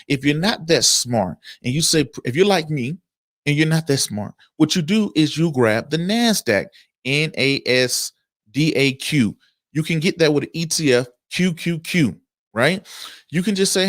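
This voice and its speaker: A man hosting a stock market livestream talks in a loose, chatty way. He greets viewers by name and reads their comments before explaining the day's market moves. His voice sits at a middle pitch and sounds dry and close to the mic. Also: moderate pace, no room sound. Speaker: host of a stock market show. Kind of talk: casual livestream market talk.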